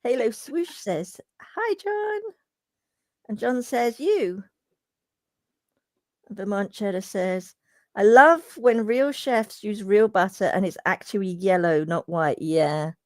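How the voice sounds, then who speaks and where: A woman streamer chats casually while she plays, drifting into long rambling stories and reading viewer comments aloud. Her voice sits at an ordinary middle pitch and is recorded close and dry, with no room sound. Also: takes it slowly, no echo. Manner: rambling storyteller, reads chat aloud. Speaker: streamer host.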